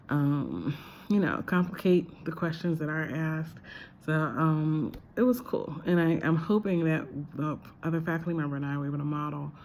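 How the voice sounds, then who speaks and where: A woman with a deep, low voice talks through her teaching day in a casual vlog. She is chatty and reflective and often pauses on fillers. A faint hiss runs under the recording. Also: darkish tone. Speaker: visiting lecturer. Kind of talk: casual spoken diary.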